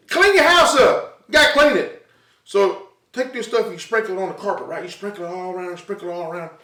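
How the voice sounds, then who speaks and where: A man doing stand-up comedy from his living room, telling stories with sound effects and asides to the audience. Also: high-pitched. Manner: animated storytelling, sound effects, talks to audience. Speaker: stand-up comic. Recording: roomy echo, mic at a distance.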